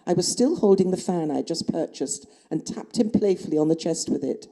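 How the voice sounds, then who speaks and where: A woman author reading aloud from her own novel at a literary festival event, in a measured, expressive first-person style. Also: low-pitched, gravelly.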